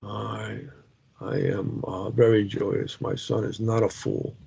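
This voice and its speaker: A man's voice: lowish voice, little pitch movement, vocal fry, dark tone, husky. A man teaching a Bible word study over a video call, reading scripture aloud and talking casually with restarts. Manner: slow, reads scripture aloud, with many fillers and restarts. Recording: dull lo-fi video call audio.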